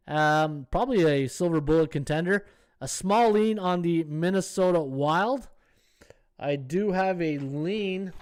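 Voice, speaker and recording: A man's voice: a little high, smooth. A man hosting a sports betting podcast, chatting casually as he thinks aloud through the odds and reads out viewer comments. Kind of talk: casual live-stream analysis.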